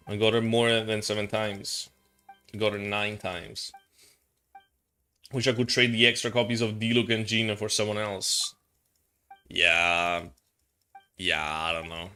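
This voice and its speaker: A man's voice: fairly low pitch, steady tone, a little slow, long pauses, pushed and bright, soft background music. Rambling, joking young man streaming a game. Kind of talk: casual livestream chat.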